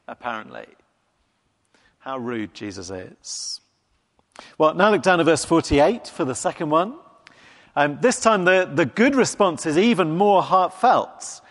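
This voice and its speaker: A man preaching a sermon in a conversational, wry, emphatic way. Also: fairly high pitch. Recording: long hall reverb.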